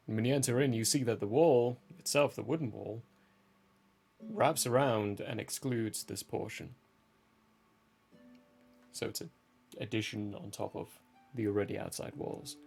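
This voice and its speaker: A man's voice: fairly low pitch, gravelly, a little mellow. A man narrating a tabletop role-playing game as game master, improvising casually and correcting himself as he goes.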